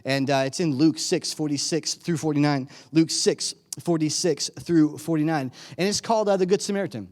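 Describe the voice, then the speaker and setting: A man preaching a sermon, telling a lively personal story with lots of excitement and self-mocking humor and frequent restarts. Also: fairly high pitch, normal speed, hardly any pauses. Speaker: youth pastor turned preacher. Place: church sanctuary.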